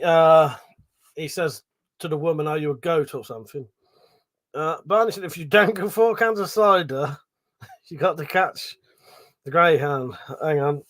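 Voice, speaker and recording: A man's voice: on the high side, fairly bright tone. A middle-aged man hosting a casual livestream, reading chat messages aloud, swearing freely, laughing and mumbling asides. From Britain.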